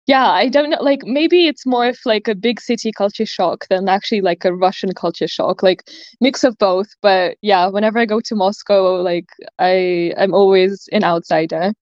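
Relaxed young woman guest, dull lo-fi sound. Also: medium pitch, moderate pace, no room sound. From Switzerland. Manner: relaxed, reflective, hedging with "like". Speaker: podcast guest. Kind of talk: casual chat.

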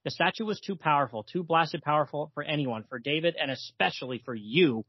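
Here is a desperate young woman at the end of her rope, pleading and defiant, read aloud by a man in his everyday voice. The tone stays husky, with slightly dull, muffled audio. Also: a little high, a little fast, dry recording, pitched below the performer's own voice. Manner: pleading, exasperated.

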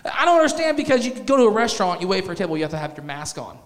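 Brief: male comic, 30s, high voice, crude and self-mocking stand-up, reverberant club hall. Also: sing-song, very fast. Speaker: stand-up comedian. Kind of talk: profane stand-up set. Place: comedy club stage.

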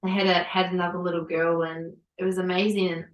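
A woman in her thirties recounts a personal story with animated energy, laughing and saying "like" often. She sits a little back from the microphone. The room around her rings. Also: on the low side, quick pace, echoey room, distant mic, lo-fi sound. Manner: animated, laughing, many likes. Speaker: podcast guest.

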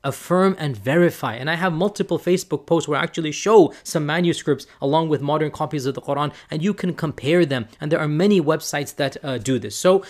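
This is an impassioned man preacher speaking straight to camera. He presses his points hard and doubles words for emphasis. His voice sits somewhat high for a man. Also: brisk, few pauses. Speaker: Islamic preacher and teacher. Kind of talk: direct-to-camera rebuttal talk.

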